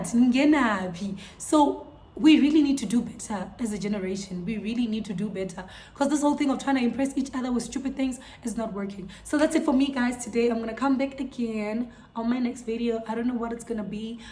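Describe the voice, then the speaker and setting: A young woman, telling a storytime vlog to her viewers in an animated, incredulous way. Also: a little high, slight background noise. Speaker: vlogger. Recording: echoey room.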